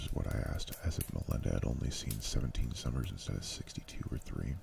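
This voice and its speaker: A man reading a novel aloud in a low, unhurried ASMR audiobook style, sometimes dropping to a breathy near-whisper. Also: far from the mic, very noisy. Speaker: ASMR channel reader. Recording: steady keyboard clicks behind.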